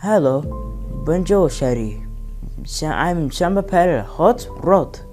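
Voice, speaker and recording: A man voicing an excitable, flamboyant male robot with a put-on French flair. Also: sits high, very slow, creaky, soft background music, pitched above the performer's own voice, full character voice. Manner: excitable, singsong.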